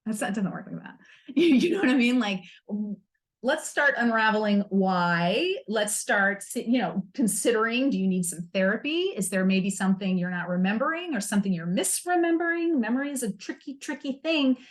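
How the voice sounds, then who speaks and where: A woman hosts a podcast in a candid, humorous self-help chat, with playful slang. Her voice sits a little high and swoops up and down with lively energy. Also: moderate pace. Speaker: podcast host.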